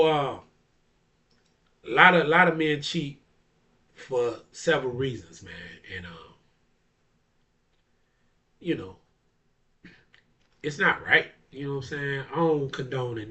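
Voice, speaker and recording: A man's voice: medium pitch, sharp tone, distant mic. A man, a barber and DJ, hosting a casual monologue in a blunt, profane style, laughing often. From Chicago area. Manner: blunt, profane, laughs often, repeats "you know what I'm saying". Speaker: barber and DJ hosting a talk video.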